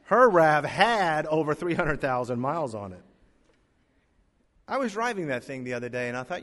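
A male pastor preaching an emphatic sermon, rising to loud peaks and dropping to hushed lows. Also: very animated, moderate pace, big-room sound.

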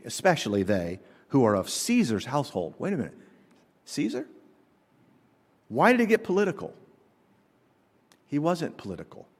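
A male pastor delivers an emphatic sermon in a church sanctuary. His fairly high voice rises and falls in wide, animated swings as he poses rhetorical questions. Long reverb trails each phrase through the hall.

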